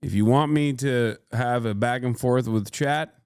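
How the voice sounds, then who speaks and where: A man's voice: medium pitch, a little slow, darkish tone, clean tone, no room sound. A man livestreaming, talking casually and bluntly to his chat in a combative way, close on a studio mic. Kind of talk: casual live-stream talk to chat.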